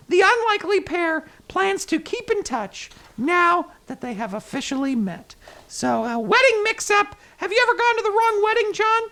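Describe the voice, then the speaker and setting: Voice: sharp tone, heavily acted. A performer voicing a cheery male talking toilet paper roll who hosts a comedic news talk show, with a hammy, bouncy manner. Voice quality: high squeaky cartoonish voice. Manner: bouncy, hammy, flustered when guests misbehave. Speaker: show host.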